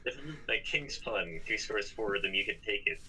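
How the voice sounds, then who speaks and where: Guest player on a chess stream: a man with a sharp, lowish voice and a calm, matter-of-fact delivery. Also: a little fast, a little hiss or hum, rough recording. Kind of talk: casual gaming chat.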